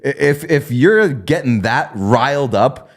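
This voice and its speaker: A man's voice: medium pitch, animated, unhurried. Playful male hockey podcast co-host. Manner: playful, exaggerated riffing. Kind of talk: casual hockey chat.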